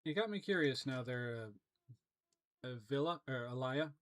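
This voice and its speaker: A man's voice: medium pitch, moderate pace. Chatty man streaming a game. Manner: relaxed, chatty, reads chat messages aloud. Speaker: gaming streamer. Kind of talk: casual live-stream commentary.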